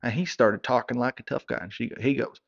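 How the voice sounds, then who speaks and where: A gravelly, fry-edged man in his thirties rambles through a comic hard-luck story, tripping over his own words. His hillbilly drawl sits at a middling pitch, heard through a dull, lo-fi recording. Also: fairly even intonation, a little fast. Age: 30s. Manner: hillbilly drawl, stumbling repeats. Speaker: comedy character narrator. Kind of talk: rambling comic monologue in character.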